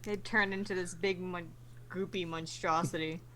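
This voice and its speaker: A woman's voice: on the low side, steady tone, normal speed, crowd noise. A woman playing in a tabletop game, joking around and swearing bluntly in casual chat. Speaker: player.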